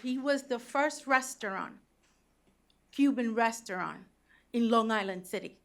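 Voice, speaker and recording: Slow, high-voiced Cuban-born woman testifying. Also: fairly bright tone. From Cuba. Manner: emotional, pleading. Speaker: taxi medallion owner testifying. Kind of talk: public hearing testimony.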